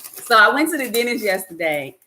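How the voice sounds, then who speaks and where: Animated, laughing woman podcast host. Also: on the high side, brisk, a little hiss or hum. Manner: animated, profane, laughs often, mimics others. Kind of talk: casual storytelling chat.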